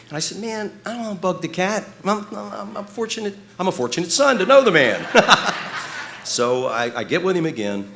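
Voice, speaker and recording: Bright-voiced man telling a rambling story. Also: lowish voice, slight background noise. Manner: rambling, self-deprecating storyteller with fillers and restarts. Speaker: guest introducing the main speaker. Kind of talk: live anecdotal introduction. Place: live venue before an audience.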